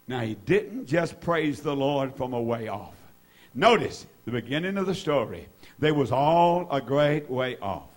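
A man's voice: a little high, lively intonation, a little slow. A man, preaching a fervent sermon in a church service and repeating his praise phrases. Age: 70s. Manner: fervent, repetitive, exclaims hallelujah.

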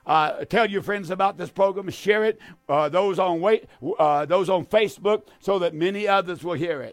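A man's voice: sits high, moderate pace, few pauses, no room sound. An older man, hosting a religious radio call-in show as pastor, emphatic and repetitive. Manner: warm, emphatic, repetitive preacher's talk.

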